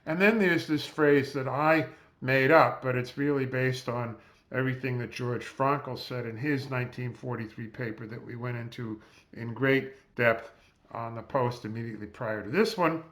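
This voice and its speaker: Male doctor lecturer, medium pitch, measured and explanatory, spells out terms, close mic. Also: a bit bright. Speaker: physician lecturer. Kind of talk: recorded lecture over slides. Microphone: close mic, seated.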